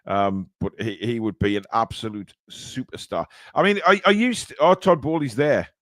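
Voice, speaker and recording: A man hosting a casual football chat show, talking haltingly with lots of fillers and restarts. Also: medium pitch, fairly bright tone, dry recording. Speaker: podcast host.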